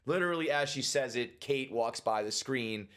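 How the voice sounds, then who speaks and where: A man giving a casual reaction and breakdown of a TV episode, animated and swearing freely, acting out characters' lines in quick voices. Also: mid-range voice. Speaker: TV show reviewer.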